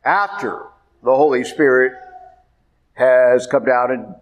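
A man's voice: medium pitch, slow pace. A man preaching a sermon as a priest, emphatic and repeating his points. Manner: emphatic, repeats points, rises sharply when pressing.

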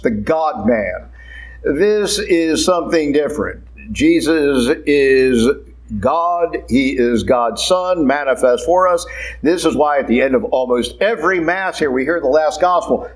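A man, a priest, preaching a sermon in a church in an emphatic, conversational way, slowing down and speeding up. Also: on the high side, low-quality recording.

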